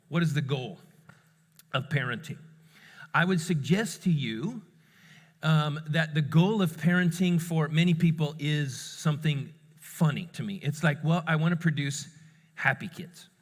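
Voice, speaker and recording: A man giving a casual, conversational sermon at a church conference, telling stories with jokes and self-corrections. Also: a little high. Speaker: conference speaker. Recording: long hall reverb.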